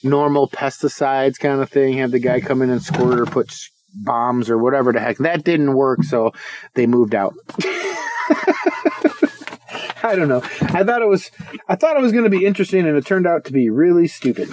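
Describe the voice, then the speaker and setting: A man's voice: mid-range voice, moderate pace, darkish tone, a little hiss or hum. A man co-hosting a podcast in casual chat, laughing often and teasing himself and his partner. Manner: laughs often, joking and self-mocking. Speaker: podcast co-host.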